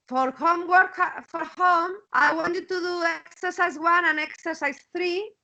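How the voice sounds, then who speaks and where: A woman's voice: extremely high pitch, slow pace, bright, forceful tone, muffled recording. A woman with a Spanish accent teaching an English class over a video call, repeating words as she searches and checking in with "okay?".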